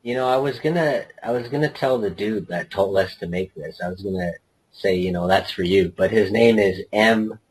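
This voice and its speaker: A man with a very low voice and a husky grain, trading dry, deadpan quips on a casual podcast. His delivery stays flat and understated. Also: normal speed, low-quality recording. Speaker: podcast co-host. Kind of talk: casual late-night chat.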